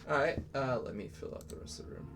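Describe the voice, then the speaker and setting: A man narrates as game master, casual and unhurried, full of ums and uhs. His voice sits mid-range, and a faint hum runs behind him. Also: mid-range voice, a bit bright. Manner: casual, halting, many fillers.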